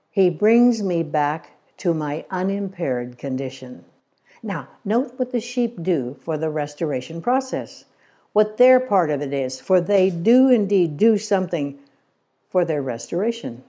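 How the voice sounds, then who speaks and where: Older woman, church speaker; low, mellow voice, earnest, unhurried storytelling. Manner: earnest storytelling, slows on key phrases. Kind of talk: sermon-style talk.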